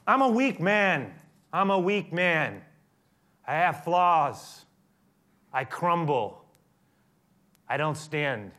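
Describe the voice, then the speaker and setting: A man playing a self-doubting fisherman disciple who pleads in halting, repeated phrases. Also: fairly high pitch, sing-song, fairly bright tone, voice pushed up, exaggerated voice. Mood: anguished pleading.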